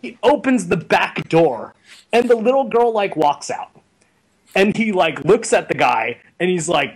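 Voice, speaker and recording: A young man with a slightly higher-than-average voice chats as an interview guest. He rambles through stories with lots of "like" and "um", getting animated as he goes. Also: measured pace, a little hiss or hum, poor audio. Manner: rambling, animated storyteller with many fillers. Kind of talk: casual chat.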